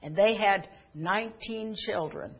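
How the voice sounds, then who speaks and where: A man's voice: high voice, measured pace, creaky, slightly rough, highs cut off. A man preaching a sermon, earnestly retelling Bible stories in quoted speech.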